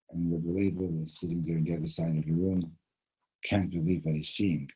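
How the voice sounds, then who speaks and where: A man teaching a Torah class, an animated storyteller who acts out the characters' voices. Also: deep voice, fairly quick, slightly rough, low-quality recording.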